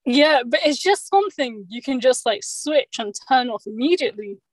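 A woman's voice: sits high, expressive, moderate pace, no room sound, low-quality recording. A woman chatting casually on a podcast, rambling with lots of fillers and restarts. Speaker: podcast co-host. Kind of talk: casual chat.

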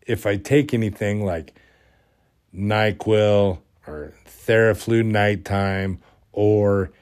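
A man's voice: fairly low pitch, takes it slowly, a little mellow, clear, resonant tone. A man hosting a solo podcast, rambling in an exasperated way while he is sick with a cold. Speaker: podcast host.

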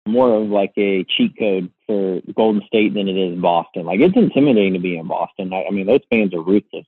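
A man's voice: low-pitched, fairly quick, slightly rough, dry recording, narrow, tinny audio. A man hosting a casual sports podcast, rambling with lots of "like" and restarts. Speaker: podcast host.

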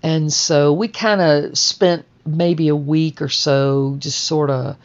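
A woman's voice: sits low, fairly even intonation, slow pace, highs cut off. A woman telling a personal memoir story in a rambling, conversational way, full of "and so" and "you know".

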